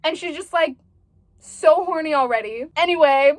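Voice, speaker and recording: A woman's voice: sits high, normal speed, no room sound. A young woman in her twenties chatting animatedly about books in a casual review vlog, full of "like" fillers. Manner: chatty, animated, uses like a lot. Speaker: book reviewer.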